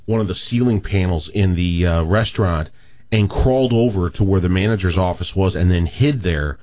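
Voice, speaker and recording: Low-voiced man telling a story. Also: moderate pace, dull audio. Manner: animated storyteller with many restarts. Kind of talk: casual chat, storytelling.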